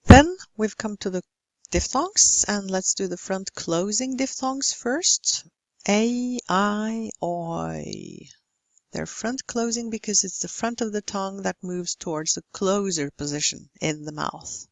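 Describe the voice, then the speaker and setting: Slow Norwegian-accented woman teaching pronunciation. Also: medium pitch, lively intonation, no echo. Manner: slow, careful, demonstrating word lists. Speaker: English teacher. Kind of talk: recorded phonetics lesson.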